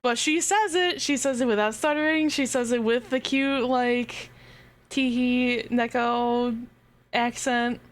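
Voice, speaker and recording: A woman streaming a game live, chatting casually to her viewers, giggling and swearing as she gets excited. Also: high-pitched, normal speed, few pauses, clear, resonant tone.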